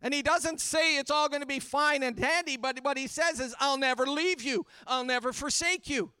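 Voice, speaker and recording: High, bright-voiced fervent man preaching. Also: normal speed, dry recording, clean studio sound. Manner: earnest, building fervor with repeated refrains. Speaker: pastor. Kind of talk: sermon. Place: church livestream during pandemic.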